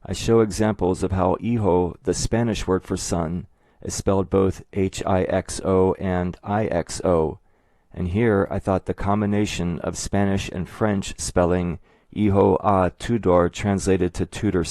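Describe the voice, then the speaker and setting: A man narrating a scripted explanatory video in a measured, methodical way. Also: sits low, steady tone, darkish tone, no room sound. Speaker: video essayist.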